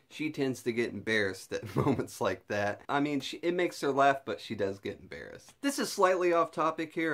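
A young man talks to his camera at home in a loose, chatty vlog. He laughs often as he goes. His voice sits in a middle pitch. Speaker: vlogger. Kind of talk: casual vlog chat.

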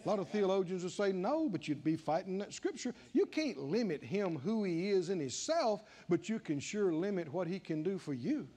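A man's voice: high-pitched, sing-song, normal speed, hardly any pauses, warm tone. An older man preaching a sermon and acting out back-and-forth dialogue, building to emphatic declarations.

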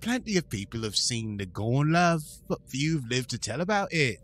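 A man's voice: mid-range voice, very animated, normal speed, fairly bright tone. A man putting on an exaggerated mock cockney accent to voice a woman officer, in a sing-song delivery. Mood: mock-ominous.

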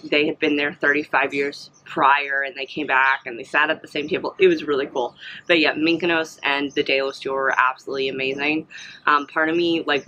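Young woman, bright voice, casual rambling vlog chat, hiccups, faint background hiss. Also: low-pitched, low-quality recording. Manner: rambling, many fillers and restarts. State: has the hiccups. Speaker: vlogger. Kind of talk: casual chatty travel recap.

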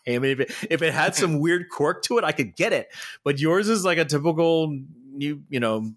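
A middle-aged man chatting as a podcast guest, telling lively stories with frequent laughs and restarts. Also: on the high side, normal speed. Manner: animated storyteller, laughs often, restarts sentences. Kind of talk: casual interview chat.

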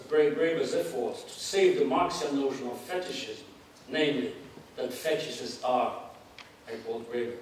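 A man giving a measured academic lecture in anthropology, reading quotations aloud and adding spoken asides. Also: mid-range voice. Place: large lecture hall. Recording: very echoey hall, distant mic, faint hiss.

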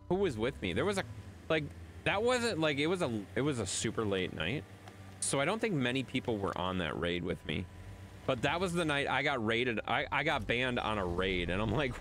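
Lively, chatty male livestreamer. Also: mid-range voice, fairly quick, soft background music. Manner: chatty, teasing, rambling with restarts. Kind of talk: casual live-stream chat.

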